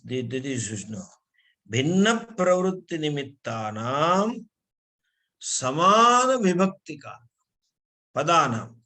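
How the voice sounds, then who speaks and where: A man's voice: medium pitch, gravelly, a bit bright. A man teaching a scripture class, asking rhetorical questions and reciting Sanskrit verses. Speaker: spiritual teacher.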